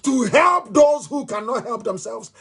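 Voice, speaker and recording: A middle-aged Nigerian-accented man delivers a live political address. His voice is high-pitched and husky. He drives his points home by repeating them and breaks into scornful laughter. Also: animated, a little slow, a bit bright. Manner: emphatic and repetitive, with mocking laughs. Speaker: movement leader giving a broadcast.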